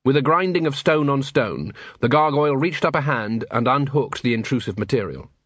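A man narrating an audiobook in a measured, wry manner. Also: medium pitch, lively intonation, a bit bright, slightly rough, no echo. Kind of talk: scripted narration.

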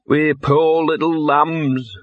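A male narrator doing a scruffy, cheeky talking dog for a storybook, voice pushed well up and loud with a coarse edge. The tone is husky and the recording sounds dull and dry. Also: medium pitch, lively intonation, moderate pace, no echo. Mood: drunken howling.

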